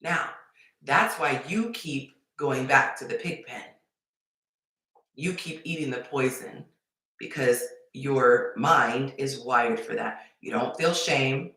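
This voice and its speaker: A woman dating coach giving advice on a live stream, emphatic and repetitive with sudden excited bursts. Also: extremely low pitch, takes it slowly. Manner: emphatic, repeats points, animated bursts. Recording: very echoey room.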